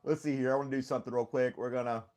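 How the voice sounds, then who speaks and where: A man's voice: medium pitch, fairly even intonation, rapid-fire, a little mellow, lo-fi sound. Rambling, easygoing man hosting a live chat. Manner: rambling, easygoing, laughs often. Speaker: live stream host. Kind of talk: casual chat with live chat viewers.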